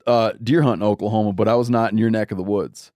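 A man's voice: on the low side, fairly even intonation, fast, a little mellow, no room sound. Rambling male podcast host, dry mic. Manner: rambling, self-interrupting storyteller. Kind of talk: casual chat. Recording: dry close studio mic.

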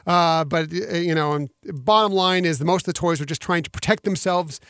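A man's voice: a little high, brisk, fairly bright tone, clean tone, dry recording, studio quality. A man co-hosting a casual movie chat, heartfelt and rambling with restarts, getting teary. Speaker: podcast co-host.

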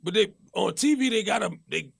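A man's voice: high voice, animated, a little fast, creaky, a bit bright, breathy edge, dry recording. A man in a casual podcast chat, explaining his point at length.

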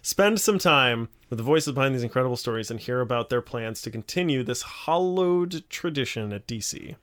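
Podcast dude chatting loose, tons of "like"s, mid-pitched voice. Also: male voice, lively intonation, moderate pace, a bit bright. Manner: rambling, full of "like" fillers, reads out panel blurbs. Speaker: podcast co-host. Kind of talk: casual chat.

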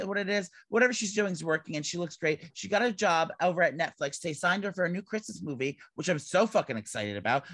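A man's voice: sits high, fairly bright tone, dry recording. A man co-hosting a podcast in casual chat, rambling with lots of fillers and restarts. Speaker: podcast co-host.

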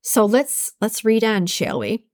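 A woman hosting a solo podcast, reading quotes aloud and chatting casually, laughing at her own slips in an animated way. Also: medium pitch, unhurried, no echo, studio quality. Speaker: podcast host.

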